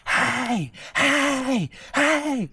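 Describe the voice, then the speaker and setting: A man acting out a furious shouting armed ranger. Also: very high-pitched, lively intonation, extremely slow, slight background noise, pitched above the performer's own voice, full character voice. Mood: yelling. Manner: shouting, harsh. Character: furious armed male ranger barking orders.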